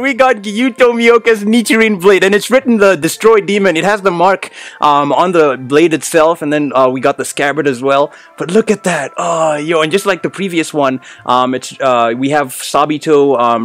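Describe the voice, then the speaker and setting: A man hosting an unboxing video, talking viewers through each piece with fillers and sudden shouts of excitement. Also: on the high side. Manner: many fillers, addresses viewers.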